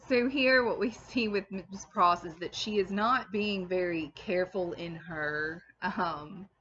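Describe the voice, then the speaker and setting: A woman's voice: fairly low pitch, slow pace, a bit bright, dull audio, slight background noise. A woman English teacher reading a classic novel aloud and stopping to explain it to her students in plain terms, with a few ums.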